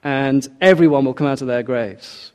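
A man delivers a sermon in an earnest, measured way. His voice is warm and mellow, and he slows down to let the key lines land. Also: medium pitch, clean tone. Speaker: preacher.

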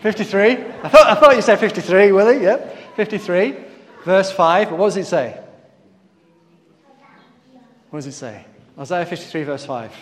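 A man's voice: high voice, expressive, normal speed, pauses often, long reverb tail. A man preaching a sermon to his congregation, asking them questions and calling on people by name.

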